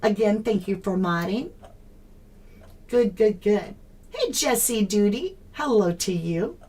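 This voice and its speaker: Slow, puzzled woman streaming live. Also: medium pitch, animated. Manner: incredulous, puzzling aloud, greets chat viewers warmly. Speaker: true crime livestream host. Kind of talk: casual livestream chat.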